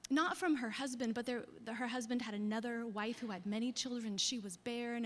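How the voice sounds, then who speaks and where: A woman pastor giving a sermon, retelling scripture stories in a storytelling manner, her phrase endings often falling away softly. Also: sits high. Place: church sanctuary. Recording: long reverb of a church sanctuary.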